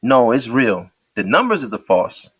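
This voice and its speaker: A man hosts a podcast. He talks casually and with lots of slang, throwing out rhetorical questions. His voice sits at a middle pitch and sounds dry and close, with little room sound. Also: big pitch swings, normal speed, fairly bright tone, slightly rough, dry recording. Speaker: podcast host.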